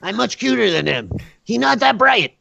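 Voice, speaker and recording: A man's voice: extremely high pitch, sing-song, normal speed, creaky, pushed and bright, no echo, voice pushed up, heavily acted. A man voicing a small goblin boy who speaks in clipped broken grammar, eager and crafty, in a tabletop game. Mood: pleased. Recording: dull lo-fi.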